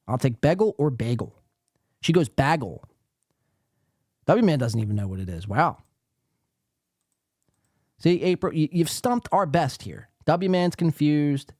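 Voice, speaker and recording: This East Coast man's voice sits on the high side, animated and darkish in tone, moving at a measured pace with long pauses. Hosting a podcast, he sarcastically reacts to a livestream and reads chat aloud, swearing plenty. The studio-quality audio has no echo.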